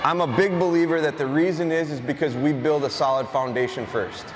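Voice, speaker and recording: A man's voice: a little high, steady tone, fairly quick, noisy background. Man explaining dog training in a gym. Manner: conversational, explaining while giving short dog commands. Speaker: dog trainer giving a demonstration. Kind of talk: live training demonstration to students. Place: high school gym.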